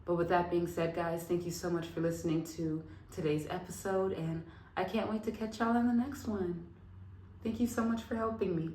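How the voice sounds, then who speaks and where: A woman hosting a casual self-help vlog, talking straight to her viewers with lively, affirming energy and frequent laughter. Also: lowish voice, normal speed, slight background noise. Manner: animated, laughs often, affirming. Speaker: vlog host. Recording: roomy echo.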